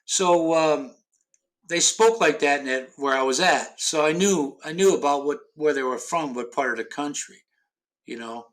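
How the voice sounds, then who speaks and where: A man's voice: on the high side, moderate pace, a bit bright. A middle-aged man from Ohio in casual chat, rambling with many restarts and fillers and casual swearing. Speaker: podcast host.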